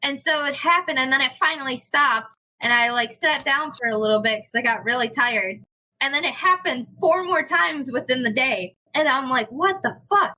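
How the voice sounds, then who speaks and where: A young woman chatting casually on a podcast, telling a ghost story in an animated way, with lots of fillers and swearing. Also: high-pitched, normal speed, poor audio. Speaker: podcast co-host.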